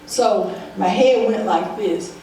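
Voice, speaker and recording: Woman, church testimony; lively storyteller who acts out every voice; mic set back, very roomy hall sound. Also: medium pitch, slow. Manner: vivid storyteller, acts out the dialogue. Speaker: church member giving testimony. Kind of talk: personal testimony at a church service. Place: church sanctuary. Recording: very echoey hall, voice from far off, faint noise.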